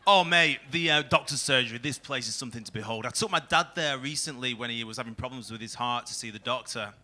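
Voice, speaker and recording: A man's voice: mid-range voice, fast, pushed and bright, a little hiss or hum. A young man doing a crude, self-mocking stand-up set in a comedy club, teasing the crowd. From England.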